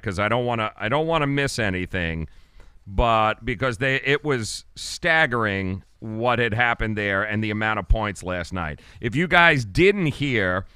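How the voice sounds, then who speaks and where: A man hosting a sports talk show, venting about a game in a loose, rambling way. His voice is bright and clear. The sound is dry and close, with no room behind it. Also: lowish voice, no echo. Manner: rambling, exasperated, frequent restarts. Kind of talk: casual sports commentary.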